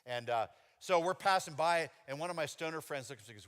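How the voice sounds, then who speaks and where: A man giving a testimony sermon, telling his story with lively acted-out quotes. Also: brisk. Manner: animated storytelling with high-pitched acted-out quotes. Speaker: preacher. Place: church hall. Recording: long reverb of a church hall.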